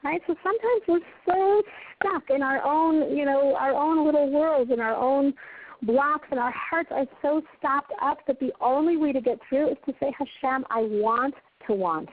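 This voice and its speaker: A woman teaches a Torah class over a tinny phone line. Her voice sits fairly high, and she speaks earnestly, her pitch rising with passion as she tells a story. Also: normal speed. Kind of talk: heartfelt Torah class given over a conference call.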